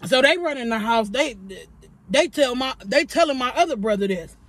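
A young woman with a high voice tells a story to her camera between bites. Her delivery is animated, she slips into the voices of the people she describes, and she swears freely. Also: fairly quick. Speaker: vlogger. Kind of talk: storytime while eating on camera.

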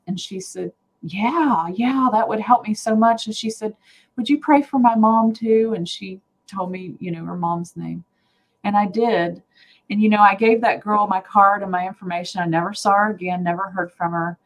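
Brief: woman guest, mid-pitch, earnest testimony storyteller, animated, quick laughs, video call. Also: low-quality recording. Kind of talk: casual faith talk, storytelling.

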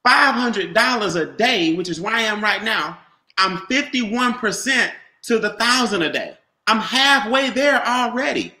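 A man giving an animated, repetitive motivational sales talk about a home business, calling on listeners by name. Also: high voice, measured pace, roomy sound. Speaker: business opportunity presenter.

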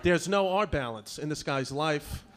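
A man with a New York accent doing quick, exasperated stand-up on a comedy club stage. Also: on the high side, animated. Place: comedy club stage before a live audience. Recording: live club with crowd and noise.

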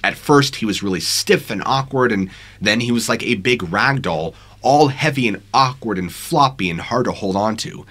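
A man's voice: on the low side, lively intonation, normal speed, fairly bright tone. A man narrating scary true stories in a dramatic, suspenseful storytelling manner on a studio microphone.

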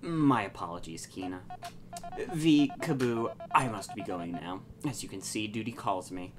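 A woman voicing a stern, aloof male mantis swordsman in a video game, speaking slowly and formally. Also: very deep voice, animated, music in the background. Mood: solemn. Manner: slow, grave and formal.

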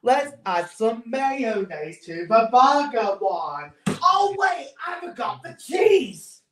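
A woman streaming and chatting casually, breaking into excitable, hysterical shouting. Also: fairly high pitch, slow, far from the mic. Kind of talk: casual live-stream commentary. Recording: roomy echo, faint noise.

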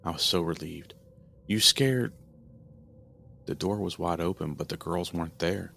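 A man narrating a first-person horror story in a steady, earnest storytelling manner. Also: low-pitched, brisk, vocal fry, a little hiss or hum.

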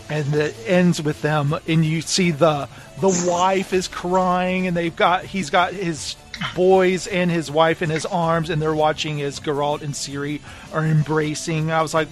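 A man co-hosting a podcast, casually recapping a book and acting out the lines in quick voices. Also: a little high, soft background music. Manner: animated retelling with quoted voices. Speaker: podcast co-host.

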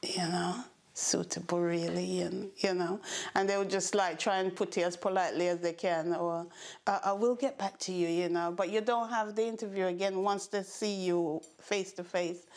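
A woman's voice: lowish voice, gravelly. An older woman with a Jamaican accent, telling her memories in a documentary interview and acting out what people said to her. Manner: animated storytelling, acting out quoted remarks.

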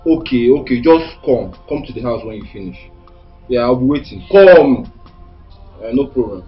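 A man's voice: mid-range voice, expressive, moderate pace, faint music behind, natural voice. Guy playing a broke nigerian husband moaning about chores, average voice, dull audio. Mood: grumbling.

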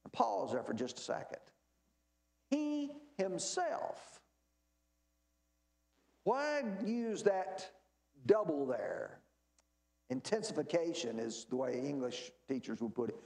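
Leading a church Bible class, a man teaches emphatically, frequently posing a question and then answering it himself. His high, darkish voice swings widely in pitch, and a roomy church echo surrounds it.

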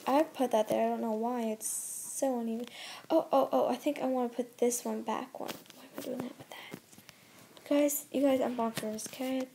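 A woman's voice: a little high, dark tone, a little hiss or hum. Chatty woman losing her voice. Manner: chatty, rambling, thinking aloud while building. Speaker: gameplay channel host. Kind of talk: casual gameplay commentary.

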